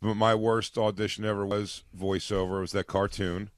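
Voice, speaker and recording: A man's voice: on the low side, flat delivery, normal speed, no echo. A man, a comedian, telling a long self-deprecating story about a failed audition, laughing as he goes. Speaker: comedian guest. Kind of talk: animated storytelling.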